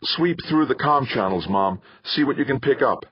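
A man's voice: medium pitch, expressive, moderate pace, breathy edge, no echo, pitched above the performer's own voice. A male narrator voicing a tired teenage boy on a spacewalk, in a dull lo-fi recording.

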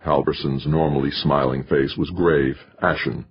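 A man reading a novel aloud as a narrator, in a steady, even storytelling manner. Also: a bass voice, moderate pace, husky. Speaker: audiobook narrator. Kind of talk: scripted narration. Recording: muffled lo-fi recording.

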